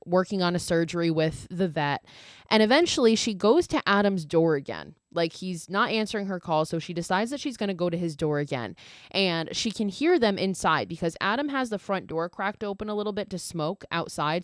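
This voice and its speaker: Young woman podcaster rambling thru a movie plot, lots of "like", kinda low voice, dry. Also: dry recording. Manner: chatty, filler-heavy retelling with quoted lines. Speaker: podcast host. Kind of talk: casual film recap.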